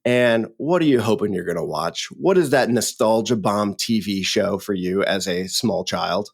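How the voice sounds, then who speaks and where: A man's voice: on the low side, moderate pace, vocal fry. A man co-hosting a podcast in a playful, candid, conversational chat. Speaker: podcast co-host.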